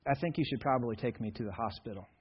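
A man doing a deadpan, monotone stoic father. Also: medium pitch, rapid-fire, husky, voice pushed down, natural voice. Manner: flat, monotone, understated. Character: stoic older father, flat and calm. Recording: dull lo-fi sermon recording.

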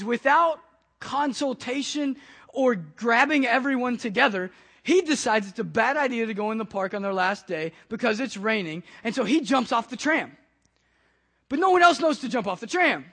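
High-voiced man preaching through a story. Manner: animated, conversational storyteller. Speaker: pastor. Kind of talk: sermon with personal storytelling.

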